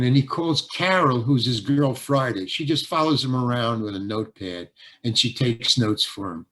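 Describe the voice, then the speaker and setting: An older man, an actor and stand-up comedian, telling a story in an interview, halting and repeating words as he goes and acting out both sides of the dialogue. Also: medium pitch, fairly bright tone.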